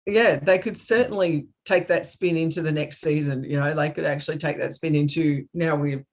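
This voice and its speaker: A woman's voice: deep voice, steady tone, moderate pace. A woman co-hosting a casual comedy chat on a video call, giggling, teasing, and sometimes losing her train of thought. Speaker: co-host.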